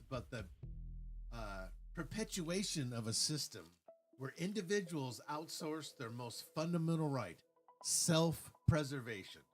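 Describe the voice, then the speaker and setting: A man on a livestream giving an argumentative political rant, reading comments aloud and rebutting them point by point with frequent restarts. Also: fairly high pitch. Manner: stumbling restarts, lecturing tone.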